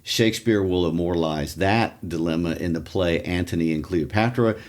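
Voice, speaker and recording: A man's voice: low-pitched, moderate pace, a little mellow. A man co-hosting a literature podcast, adding wry asides and historical notes. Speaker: podcast co-host.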